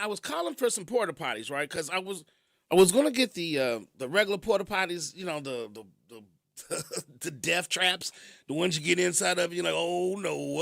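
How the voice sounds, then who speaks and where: Animated high-pitched man hosting radio. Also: no echo, clean studio sound. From Kentucky. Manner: animated storytelling, laughs often. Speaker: radio host. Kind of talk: casual radio talk. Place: radio studio. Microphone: studio mic.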